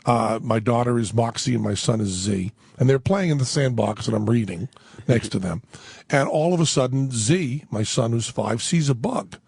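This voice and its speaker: A middle-aged man with a gravelly, husky voice that sits a little high for a man, telling stories with lively acted-out quotes. The sound is dry and close to the mic. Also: normal speed, no room sound. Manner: animated storyteller, acts out quotes. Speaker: guest. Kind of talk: casual talk radio chat.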